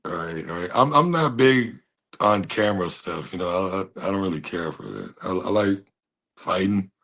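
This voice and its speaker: A man's voice: low voice, sing-song, moderate pace, creaky, a bit bright. A man in his thirties, a fighter giving a casual interview, laid-back, laughing often and swearing casually. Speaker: fighter guest.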